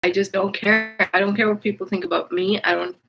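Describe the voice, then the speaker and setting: A woman's voice: medium pitch, level tone, brisk, vocal fry, a bit bright, breathy edge, faint music behind, low-quality recording. A woman telling a personal story in a casual vlog, rambling with many restarts and speaking candidly with casual swearing. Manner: rambling, with frequent restarts and fillers. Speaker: vlogger.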